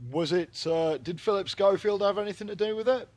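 A man's voice: high-pitched, fairly quick, darkish tone. A man co-hosting a comic casual chat, full of playful, teasing banter.

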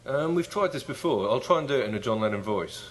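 A man's voice: mid-range voice, lively intonation, quick pace, low-quality recording. A man hosting a comedy podcast, talking in a dry, laid-back joking way. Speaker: podcast host. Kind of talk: casual comedic banter.

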